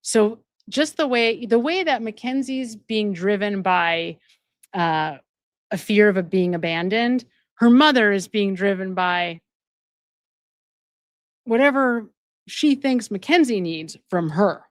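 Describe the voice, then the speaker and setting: A woman's voice: medium pitch, expressive, slow pace, dry recording. Emphatic woman streamer, dry close sound. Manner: emphatic, repeats phrases for stress. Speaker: host and addiction counselor. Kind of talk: live-stream commentary, reading viewer donations.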